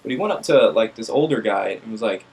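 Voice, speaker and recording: A man's voice: on the low side, lively intonation, quick pace, a little mellow, poor audio. Rambling young man telling a story. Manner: rambling, filler-heavy, profane. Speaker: vlog host. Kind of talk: casual storytelling.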